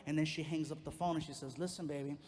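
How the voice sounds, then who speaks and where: A middle-aged man doing stand-up storytelling on a comedy club stage, acting out the voices of people in his story. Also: quick pace. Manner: animated, acts out quotes with big pitch jumps.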